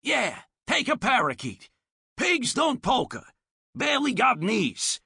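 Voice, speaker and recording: A man's voice: extremely high pitch, wildly swooping pitch, slow pace, creaky, bright, forceful tone, slightly rough, dry recording, studio quality, pitched above the performer's own voice, full character voice. Porky, a man doing a wisecracking guinea pig. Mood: teasing. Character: sassy male guinea pig, a scheming faker.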